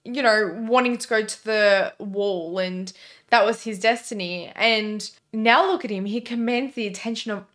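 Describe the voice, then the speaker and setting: A woman co-hosting a show reviewing a TV episode, talking in an expressive, emotional way. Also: medium pitch, normal speed. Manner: emotional, expressive, laughs easily. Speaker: reaction channel co-host. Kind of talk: casual chat.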